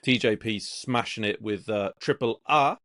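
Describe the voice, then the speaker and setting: A man's voice: lowish voice, moderate pace, fairly bright tone, no room sound. Rambling male co-host, dry sound. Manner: rambling, many fillers and restarts while storytelling. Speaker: podcast co-host. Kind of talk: casual podcast chat.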